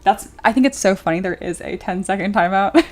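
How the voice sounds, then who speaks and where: A woman's voice: mid-range voice, a little fast. A young adult woman livestreaming while she sculpts, chatting casually and giggling as she reads viewer comments aloud. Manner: chatty and giggly, with frequent fillers.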